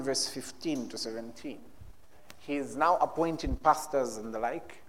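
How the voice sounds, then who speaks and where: A man preaching a sermon, reading scripture dramatically and slipping in humorous asides. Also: on the high side. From Zambia. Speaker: pastor.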